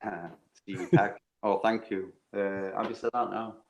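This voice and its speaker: A man's voice: on the low side, fairly even intonation, moderate pace, vocal fry. A man chatting casually on a panel call in a laid-back, easygoing way. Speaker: panel guest. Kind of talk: casual chat.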